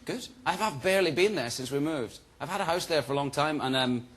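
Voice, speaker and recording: A man in his thirties, guest on a chat show, telling stories in a relaxed, chatty way and laughing as he goes. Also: on the high side, quick pace. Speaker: guest actor. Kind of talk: casual chat-show interview.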